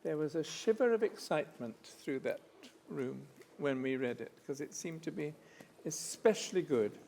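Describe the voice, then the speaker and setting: Gravelly-voiced actor, gentle with children. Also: male voice, on the high side, expressive, moderate pace, slight background noise. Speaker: actor, visiting guest. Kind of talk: casual chat with schoolchildren. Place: school.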